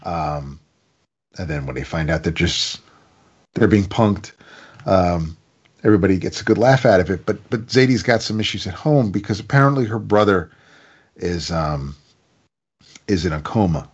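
A man's voice: low voice, animated, normal speed, pauses often, husky, lo-fi sound. A man casually reviewing a comic, recapping the plot in a rambling way with stammered restarts.

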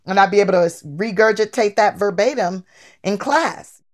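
A middle-aged woman, a comedian guest, telling stories in a playful, animated, casual way. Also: medium pitch, moderate pace. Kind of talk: casual storytelling.

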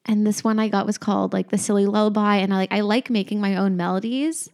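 A woman's voice: medium pitch, steady tone, fast talker, darkish tone. A young woman co-hosting a podcast in casual chat, rambling and laughing often. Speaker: podcast co-host.

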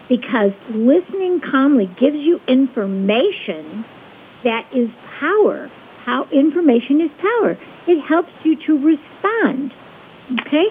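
Woman guest, high-ish voice, calm teacher, tinny phone line with hiss. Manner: calm, measured, checks in with "okay?". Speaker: guest expert on conflict resolution. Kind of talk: explaining a technique step by step.

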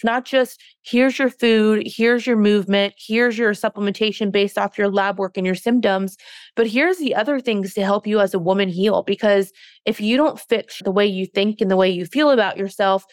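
A woman's voice: medium pitch, normal speed, clear, resonant tone, no echo. Woman, interview guest, earnest and heartfelt, mid-range voice, dry sound. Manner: earnest, passionate, openly emotional. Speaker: guest, fitness coach and business owner. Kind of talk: podcast interview.

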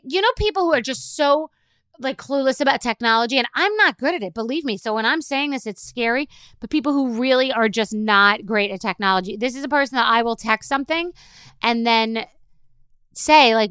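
A woman's voice: high-pitched, brisk, sharp tone, smooth, no echo. A middle-aged woman hosting a podcast, telling a rambling, exasperated story in a solo rant. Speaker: podcast host.

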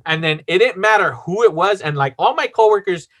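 A man in casual podcast chat, telling a long story with animated acted-out quotes and frequent swearing. His voice sits a little high for a man. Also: fairly quick. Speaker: podcast host.

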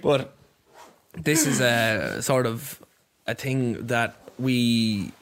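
A man's voice: mid-range voice, drawn-out words, a bit bright. A man on a podcast, talking bluntly in casual chat, ranting and swearing freely.

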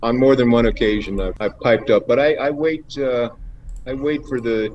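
A man's voice: mid-range voice, fairly even intonation, moderate pace, crowd noise. A man guest on an interview, telling rambling stories with many fillers and laughs. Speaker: actor guest. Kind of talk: casual interview storytelling. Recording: dull lo-fi with faint noise.

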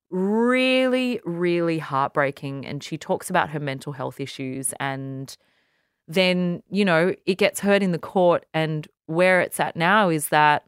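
Low-voiced woman podcast cohost, smooth and clear, dry room, laying out the news point by point. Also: no room sound. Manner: earnest, retells news in long lists. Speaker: podcast co-host. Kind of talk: casual chat.

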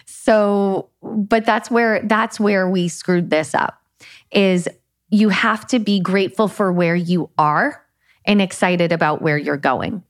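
A woman's voice: mid-range voice, steady tone, takes it slowly. A woman co-hosting a podcast, talking in an earnest, coaching way and laughing easily. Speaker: podcast co-host. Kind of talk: casual podcast chat.

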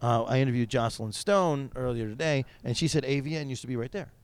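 A man's voice: medium pitch, quick pace, clean tone, no room sound. A man hosting a podcast, chatting casually and jokily, rambling with lots of restarts. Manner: rambling, jokey, many restarts, puts on voices in quoted bits. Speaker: podcast host. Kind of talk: casual chat. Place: quiet basement room of a convention center.

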